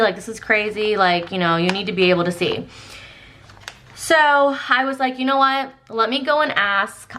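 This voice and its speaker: A woman's voice: mid-range voice, fairly bright tone, a little hiss or hum. A woman vlogger with a Southern American accent, telling a long story in casual, chatty talk full of fillers, acting out what others said. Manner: chatty, many fillers, quotes others in dialogue. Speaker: planner vlogger. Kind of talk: casual storytelling while planning.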